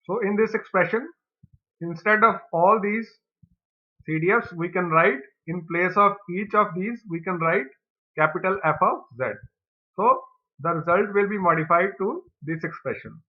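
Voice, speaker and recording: Male tutor, somewhat high voice, methodical step-by-step lecture, tinny phone-like audio. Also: normal speed. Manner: steady, methodical step-by-step explaining. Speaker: teacher. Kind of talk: exam problem lecture.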